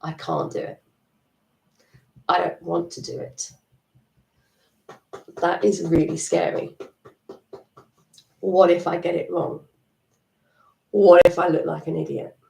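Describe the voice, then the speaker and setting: A woman's voice: on the low side, level tone, takes it slowly, vocal fry, pauses often, mellow, full character voice. A woman voicing her own doubting inner voice, talking herself out of things in a hesitant mutter. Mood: fretful. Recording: echoey room, distant mic.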